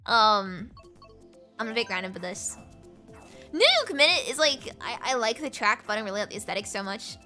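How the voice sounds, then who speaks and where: A high, bright-voiced woman streaming a racing game, chatting easily with her viewers. She is from Britain, and her voice swoops up and down as she giggles and yelps at the race. Faint game music plays behind her. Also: big pitch swings, moderate pace. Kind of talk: casual gaming stream chat.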